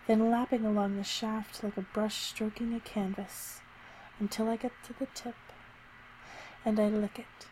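Woman narrator for an intimate erotic story: warm, low-key delivery that stays flat and unhurried. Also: a little hiss or hum, poor audio.

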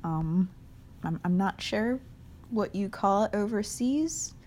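In a slow yet animated mid-range voice, a young woman vlogs her way through an accent challenge. Her New England accent comes through as she chats casually, hesitating often with fillers and soft laughter.

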